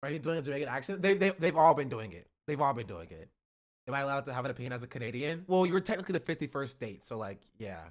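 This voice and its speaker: A man's voice: medium pitch, very animated, rapid-fire. A young man streaming live, reacting to videos with joking, mock-outraged rants. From United States.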